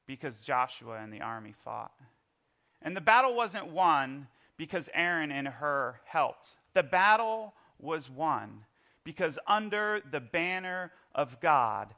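A middle-aged pastor preaches a sermon through playful, animated storytelling. His voice sits high for a man, and it has a bright, forceful edge.

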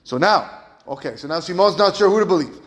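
A man with a high voice teaches a religious text phrase by phrase. He reads in Hebrew, then gives a casual English explanation, often pausing to say "okay." Long reverb trails behind his words. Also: expressive, a bit bright. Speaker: Torah teacher.

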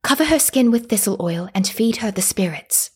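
A stern, caring village matron, voiced by a woman narrator, speaks firmly in a slightly raised, breathy voice. The storybook figure commands with calm authority. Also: medium pitch, moderate pace. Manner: firm, commanding.

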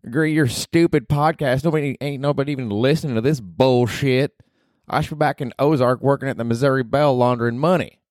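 A man putting on the voice of a rough, foul-mouthed young woman from the rural Ozarks, with a put-on drawl, sneering and swearing. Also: mid-range voice, a little fast, a little mellow, dry recording, studio quality, pitched above the performer's own voice, close to an everyday voice. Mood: scornful.

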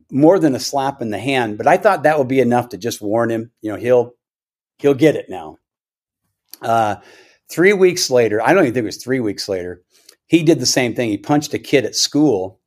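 A man's voice: mid-range voice, a little mellow. A middle-aged man, a church elder, earnestly telling a personal story in a podcast conversation, repeating himself for emphasis.

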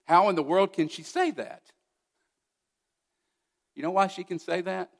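Fairly high-voiced preacher in a reverberant hall. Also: male voice, measured pace, vocal fry. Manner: emphatic, rhetorical questions, swings from loud to hushed. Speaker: pastor. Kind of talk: sermon.

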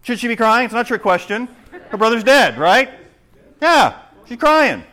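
A man preaching a sermon, swinging between loud, urgent questions and hushed explanation. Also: very high voice, big pitch swings, moderate pace. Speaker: pastor.

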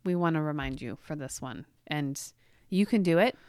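A woman's voice: moderate pace, darkish tone, clean tone, no room sound, studio quality. Woman telling an emotional family story. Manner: emotional storyteller, voice rising high when quoting. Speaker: podcast co-host. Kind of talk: casual chat, storytelling.

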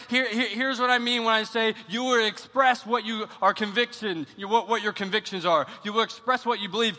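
Young pastor, high and very bright voice, lively storytelling sermon, long church reverb. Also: male voice. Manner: animated storytelling, repeats words when excited.

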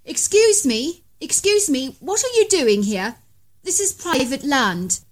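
A woman voicing a level-headed male hunter who talks calmly and politely in a read-aloud story. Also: medium pitch, natural voice. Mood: calling out. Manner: measured and polite, then calling out loudly.

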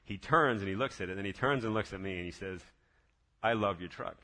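Bright-voiced man telling a lively story. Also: sits low, brisk. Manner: lively, excited retelling with many restarts. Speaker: man telling his faith testimony. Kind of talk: casual spoken testimony storytelling.

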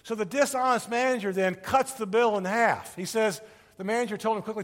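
A man preaching a sermon, retelling a parable with animated storytelling that swings from loud to hushed, in a church hall. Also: high-pitched, fairly quick. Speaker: pastor. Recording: long reverb of a large hall.

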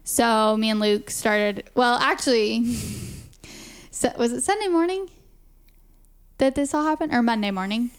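Woman, podcast co-host, casual chat, filler-heavy, clear smooth tone. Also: fairly high pitch, unhurried. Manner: chatty, laughs often, many "like" fillers.

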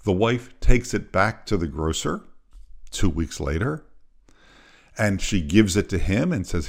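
A man hosting a podcast, telling a story in an animated way and acting out the voices. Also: low-pitched, measured pace, vocal fry, pauses often, slightly rough. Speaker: podcast host.

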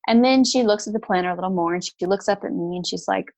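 A woman guest telling a candid personal story in conversation, animated, filling her talk with "like" and "you know". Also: mid-range voice, fast, gravelly. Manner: animated, acts out quoted people with raised voice; frequent "like" and "you know" fillers.

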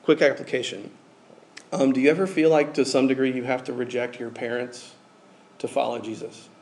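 A man's voice: mid-range voice, little pitch movement, moderate pace, a little mellow. Casual, filler-heavy male preacher. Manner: informal, filler-heavy, conversational. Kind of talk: casual sermon.

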